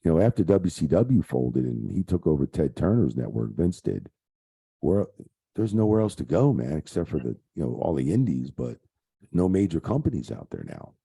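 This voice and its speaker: A man's voice: a bass voice, very animated, normal speed, vocal fry, dark tone, breathy edge. A middle-aged man, a retired referee, telling rambling stories in a casual interview, full of fillers and swearing. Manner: rambling, profane, lots of fillers. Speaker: guest, retired wrestling referee.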